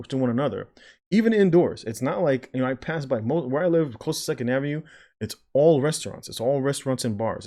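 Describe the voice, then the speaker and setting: A man's voice: medium pitch, warm tone. A man who works as a nurse, talking through video commentary in a casual, sarcastic, rambling way and mimicking the people he disagrees with.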